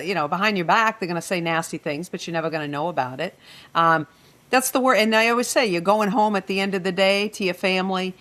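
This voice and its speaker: A woman hosting a panel conversation, with a slightly low voice. She is upbeat and encouraging, and she keeps the conversation moving toward its close. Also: a bit bright. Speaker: podcast host.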